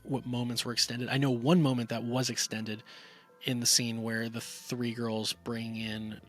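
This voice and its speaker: A man's voice: medium pitch, flat delivery, unhurried. A man giving a casual, rambling spoken movie review, full of fillers and restarts. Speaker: film reviewer.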